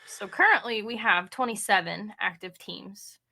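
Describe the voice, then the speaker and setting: A woman in middle age, talking as a podcast guest with a bright, clear voice. She tells her stories chattily and drops into little acted-out quotes along the way. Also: medium pitch, moderate pace. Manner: chatty storyteller, acts out quotes. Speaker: podcast guest, haunted house reviewer. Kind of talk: casual interview chat.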